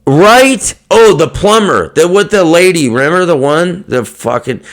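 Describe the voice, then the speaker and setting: A man's voice: a little high, animated, measured pace, hardly any pauses, fairly bright tone. A man hosting a podcast, ranting bluntly to fellow hairdressers, swearing often and stuffing his talk with fillers. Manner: blunt, heavy swearing, lots of fillers, laughs mid-rant. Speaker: podcast host. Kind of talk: profane rant to fellow hairdressers.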